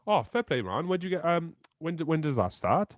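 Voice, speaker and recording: A man's voice: a little high, fairly quick, dry recording, studio quality. A young man in his twenties, co-hosting a podcast and telling teasing stories about a friend in casual chat. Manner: teasing storyteller, animated. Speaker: podcast co-host.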